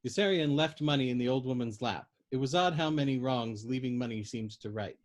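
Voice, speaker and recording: A man with a mid-range voice reads a novel aloud in a steady storytelling manner. He clears his throat now and then and corrects small slips as he goes. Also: medium pitch, fairly quick. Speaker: audiobook reader.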